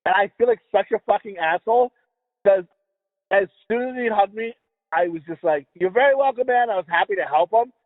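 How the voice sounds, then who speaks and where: Rambling high-voiced man, tinny dry sound. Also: brisk, dry recording. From US East Coast. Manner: rambling, profane, stumbling over words. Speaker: podcast co-host. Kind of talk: casual podcast chat.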